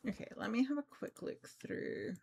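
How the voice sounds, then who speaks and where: A woman's voice: on the high side, normal speed, gravelly, a little mellow, a little hiss or hum. A woman livestreaming a cozy game, chatting casually and thinking aloud with lots of ums. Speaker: livestreamer playing a life-sim game. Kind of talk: casual game-stream chat.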